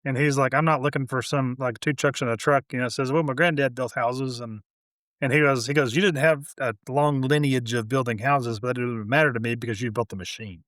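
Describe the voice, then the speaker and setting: Animated storytelling man, dry sound. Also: medium pitch, fairly quick, no echo. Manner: animated storyteller, quoting others. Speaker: home builder guest. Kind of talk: casual interview chat.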